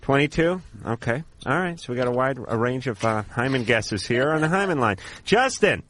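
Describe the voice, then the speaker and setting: A man's voice: medium pitch, lively intonation, moderate pace, fairly bright tone, a little hiss or hum. Sarcastic joking radio co-host, man. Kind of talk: late-night call-in radio banter.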